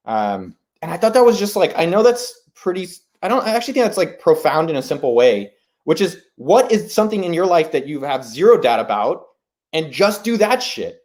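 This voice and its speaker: A man hosting a live stream, talking in a casual, rambling way, excited and swearing freely. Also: a little high, brisk. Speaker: host.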